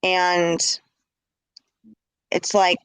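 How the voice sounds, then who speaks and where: A woman's voice: on the low side, monotone, very slow, clear, resonant tone, dry recording, rough recording. A woman telling her own story in casual speech, blunt and emphatic, often repeating words.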